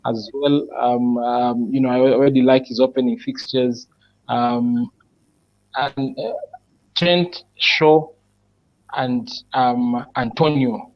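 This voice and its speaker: A man explains his reasoning in a relaxed online chat, working through it step by step and pausing often to think. His voice sits in an ordinary middle range, and the recording sounds slightly dull and lo-fi. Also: medium pitch. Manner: thinks aloud, explains picks step by step with many pauses. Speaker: panelist presenting his fantasy football team.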